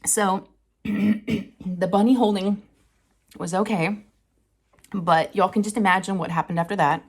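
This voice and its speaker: A woman, chatting casually to her viewers and telling an animated family story with frequent laughter. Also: unhurried, long pauses, husky. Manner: chatty, animated, laughs often, quotes people in higher voices. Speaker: crafting channel host.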